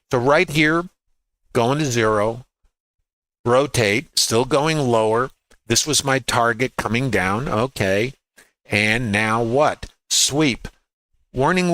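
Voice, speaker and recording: A man's voice: medium pitch, fairly bright tone, no room sound, poor audio. A man walking through live trading charts as a trading educator, emphatic, repeating key words and asking rhetorical questions.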